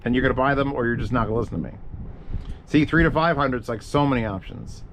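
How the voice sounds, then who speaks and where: A man's voice: mid-range voice, quick pace, a bit bright, slight background noise. Profane rambling male streamer. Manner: profane, rambling, thinking aloud. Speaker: streamer answering audio questions. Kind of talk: casual livestream chat.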